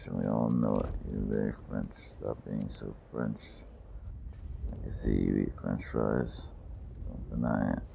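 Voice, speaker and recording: A man's voice: extremely low pitch, gravelly, husky. A man casually commentating his gameplay with profane, joking banter, in a lo-fi recording. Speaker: gameplay streamer.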